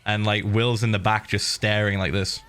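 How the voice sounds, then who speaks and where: A middle-aged man streaming, casually telling viewers a story with lively laughs and the odd swear. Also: on the low side, normal speed, clear, resonant tone, soft background music.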